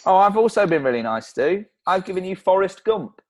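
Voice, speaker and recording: A man's voice: high voice, sing-song, a little fast. A man co-hosting a comedy podcast, teasing and laughing often in casual chat. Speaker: podcast co-host.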